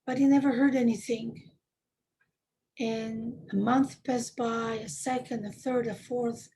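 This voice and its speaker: A woman, a rebbetzin, telling a story to a women's class in an emphatic, animated way. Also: a little high, unhurried, a little hiss or hum, poor audio. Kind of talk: storytelling talk.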